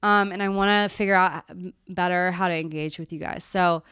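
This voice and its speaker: Candid, very clear-voiced woman streaming. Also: fairly low pitch, fairly quick, no echo, clean studio sound. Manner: chatty, candid, animated asides. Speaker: therapist streamer. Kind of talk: casual live-stream Q&A.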